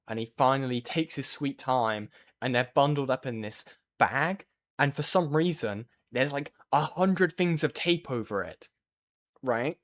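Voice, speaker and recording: A man's voice: mid-range voice, unhurried, a bit bright. A man streaming, chatting casually with viewers and rambling through a story with lots of fillers.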